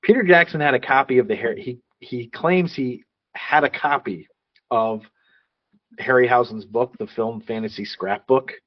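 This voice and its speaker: A man co-hosts a laid-back movie podcast, working through trivia notes with plenty of ums and restarts. His voice sits at an ordinary pitch. The sound is dry and close, a little muffled. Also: normal speed, no echo. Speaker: podcast co-host. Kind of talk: casual movie podcast chat.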